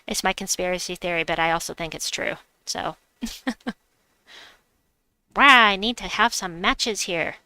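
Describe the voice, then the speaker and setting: A woman's voice: on the low side, unhurried, pauses often, bright, forceful tone, clear, resonant tone, dry recording. A middle-aged woman hosting a game live stream, chatting casually, reading chat aloud and laughing at herself. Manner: chatty, giggly, self-mocking. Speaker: livestream gamer host.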